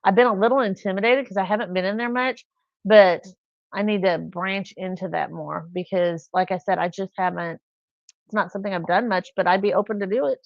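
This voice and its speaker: A woman's voice: medium pitch, steady tone, fairly quick, creaky, no room sound. A woman hosting a casual live chat, telling rambling everyday stories. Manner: chatty, rambling storyteller. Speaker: live stream host. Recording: dull lo-fi sound.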